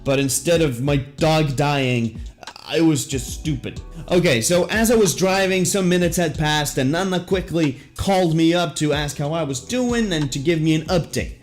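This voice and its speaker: A man's voice: a little high, normal speed, faint music behind. A young man telling an embarrassing story in a comedic storytime monologue, jokey and self-deprecating with puns and asides. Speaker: vlogger.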